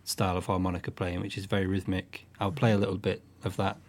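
A man speaks in a fairly low voice as a guest musician in an interview. He talks thoughtfully, pausing and restarting as he explains his craft. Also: little pitch movement. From northwest England. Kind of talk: interview chat.

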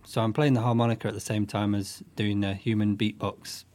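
Low-voiced musician, halting. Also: male voice, little pitch movement, a little mellow. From northwest England. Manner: thoughtful, halting, with restarts. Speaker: guest musician. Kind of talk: relaxed interview chat.

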